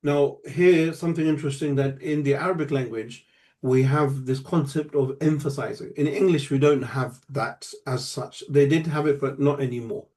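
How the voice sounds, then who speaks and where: A man's voice: mid-range voice, steady tone, normal speed, a little mellow. A man teaching an online grammar lesson, explaining patiently step by step and checking in with his student. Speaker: Arabic teacher.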